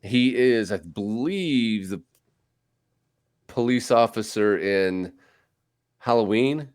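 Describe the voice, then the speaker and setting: A man with a fairly low voice hosts a casual podcast chat. He rambles along, restarting sentences and dropping in fillers. His delivery stays loose and conversational. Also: expressive, slow, clean tone. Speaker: podcast host. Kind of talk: casual chat about movies.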